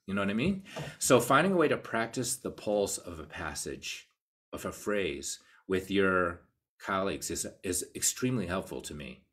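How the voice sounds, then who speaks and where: A man with an American accent giving a casual live online cello lesson, explaining ideas and counting beats out loud. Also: low-pitched, big pitch swings, normal speed, husky. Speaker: cello teacher. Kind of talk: live online masterclass talk.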